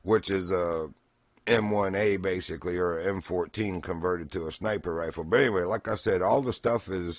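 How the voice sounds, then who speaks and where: A man's voice: low-pitched, normal speed, dry recording, lo-fi sound. A man streaming, casually telling old gaming stories and laughing often. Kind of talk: casual storytelling.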